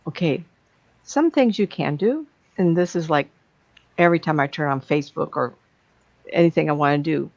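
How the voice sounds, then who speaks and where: A woman's voice: deep voice, animated, normal speed, vocal fry, pauses often, darkish tone. A woman speaking as a psychic medium, giving a blunt, plain-spoken talk to an audience. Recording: dull lo-fi sound.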